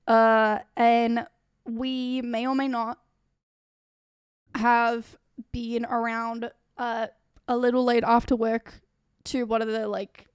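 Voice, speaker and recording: A woman's voice: a little high, clear, resonant tone, no echo, clean studio sound. A young woman streamer telling a casual, rambling story full of fillers and swearing.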